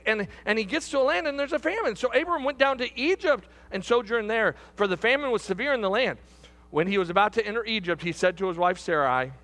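A man's voice: fairly high pitch, a bit bright. A middle-aged male pastor giving a conversational sermon, repeating phrases and asking the congregation questions.

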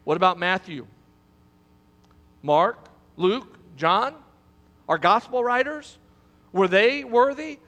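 Male pastor, dramatic sermon delivery with pauses, ringing hall. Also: high-pitched, animated, fairly bright tone. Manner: preaching with dramatic pauses and rising emphasis. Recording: long hall reverb.

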